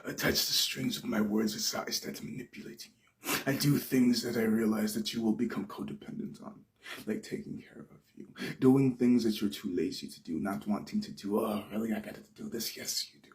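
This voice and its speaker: A man's voice: on the low side, fairly quick. A man reciting taunting, manipulative spoken word poetry.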